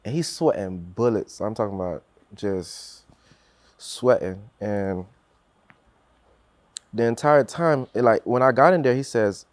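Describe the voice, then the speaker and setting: A man with a fairly low voice recounts a personal story on a podcast, earnest and halting, restarting his sentences and acting out what others said. The sound is dry and close to the mic, with no room echo. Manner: earnest storytelling, acts out quotes, many restarts.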